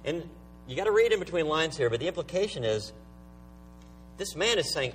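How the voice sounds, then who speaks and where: Male pastor, sermon, emphatic, rhetorical questions, very lively pitch, slightly high voice. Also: a little fast, long pauses, husky, far from the mic, rough recording.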